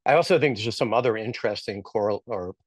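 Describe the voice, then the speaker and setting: A man's voice: on the low side, quick pace, no room sound. A man co-hosting a business podcast, chatting casually and joking, thinking aloud with restarts. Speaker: podcast co-host.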